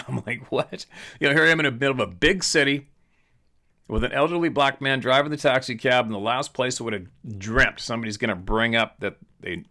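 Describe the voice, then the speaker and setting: A man from British Columbia, Canada, a hunting and fishing guide, hosts the show with a sharp, mid-range voice. He's reading a viewer letter in a casual monologue that comes out blunt, opinionated and rambling.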